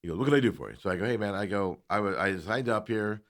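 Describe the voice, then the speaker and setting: Lowish-voiced man telling a story. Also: fast. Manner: animated, acts out both sides of the dialogue. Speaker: talk show host. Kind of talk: casual storytelling chat.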